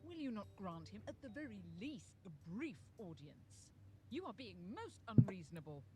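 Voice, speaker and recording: A woman's voice: medium pitch, big pitch swings, normal speed, a little mellow, close to an everyday voice. A woman voicing a stern older aunt in a game, formal and reproachful in manner. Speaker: game character. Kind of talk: dubbed game dialogue.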